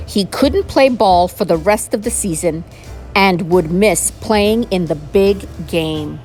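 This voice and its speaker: Woman storybook reader, expressive and animated, mid pitch, soft music under. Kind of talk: reading a picture book aloud.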